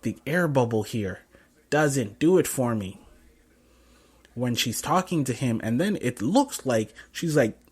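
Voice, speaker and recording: A man's voice: medium pitch, animated, a little slow, darkish tone, slightly rough. A young man casually reviewing a film scene by scene, rambling with lots of fillers and self-corrections. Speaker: podcast host reviewing a film.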